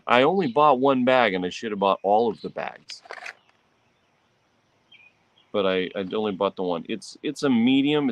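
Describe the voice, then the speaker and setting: A man's voice: lowish voice, a little hiss or hum. A man, an author who hosts his own vlog, chatting casually and rambling outdoors under a tree. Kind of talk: casual morning chat. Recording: outdoor recording with loud birdsong.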